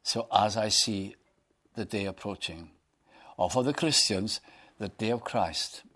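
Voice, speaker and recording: A man's voice: fairly low pitch, a little slow, a bit bright. A man preaching a sermon, reading scripture aloud and putting earnest questions to his listeners.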